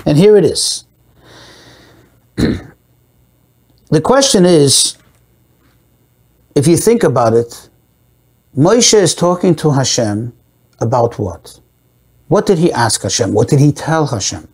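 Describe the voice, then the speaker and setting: A man teaches a Torah class with a voice that swings widely up and down in pitch. He keeps posing rhetorical questions and then answering them himself. His English is full of Hebrew and Yiddish terms. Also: sing-song, slow pace, pauses often, a little mellow, husky. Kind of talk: Torah class explaining a text.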